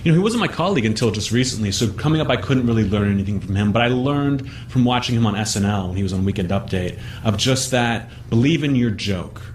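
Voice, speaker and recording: A man's voice: lowish voice, expressive, fast talker, hardly any pauses, a little mellow, a little hiss or hum. A man, a comedian guest on a talk show, telling brash, sardonic anecdotes in casual chat.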